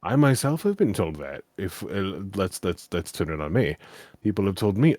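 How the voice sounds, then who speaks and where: A man hosting a casual chat, with a big voice, telling lively stories and acting out the people in them. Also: low voice, normal speed, dry recording. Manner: animated storytelling, acts out quoted people. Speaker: host.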